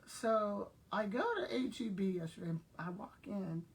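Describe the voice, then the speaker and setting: A woman's voice: medium pitch, moderate pace, creaky. An older woman from South Texas talks casually to her viewers, a retired principal who tells rambling everyday stories. Her voice sits in an ordinary middle range and she speaks to the audience directly and familiarly. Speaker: retired school principal vlogger. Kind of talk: casual chat.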